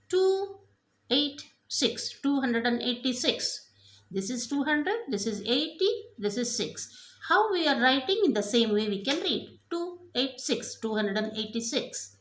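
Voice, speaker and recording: A woman teaching abacus finger techniques step by step, counting numbers aloud slowly and deliberately with frequent prompts. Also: a little high, fairly bright tone, reverberant. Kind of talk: step-by-step math lesson.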